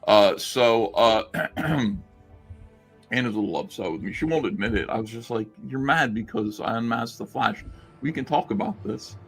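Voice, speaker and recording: A man's voice: medium pitch, moderate pace, husky, faint music behind. A man on a livestream telling a story in a rambling, sarcastic way and acting out the lines he quotes. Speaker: streamer recounting a story.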